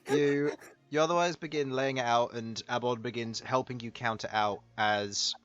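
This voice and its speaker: A man's voice: medium pitch, fairly even intonation, moderate pace, fairly bright tone, lo-fi sound. A man narrating as game master of a tabletop game, rambling with many fillers.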